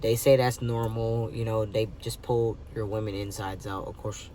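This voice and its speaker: A man telling a personal story on his vlog in a halting, emotional way, with many fillers and restarts. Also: fairly low pitch, steady tone, dark tone, recorded from a distance, slight background noise. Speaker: vlogger.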